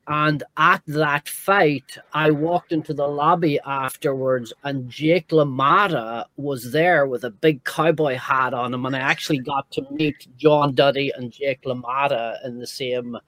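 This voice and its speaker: A man, recalling a story in a halting, reflective way. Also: on the high side, steady tone, fairly bright tone, dry recording. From Ireland. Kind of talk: casual recollection.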